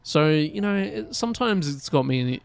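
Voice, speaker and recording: A man co-hosting a podcast in casual chat, relaxed and rambling, swearing casually. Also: a little high, normal speed, creaky, clear, resonant tone. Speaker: podcast co-host.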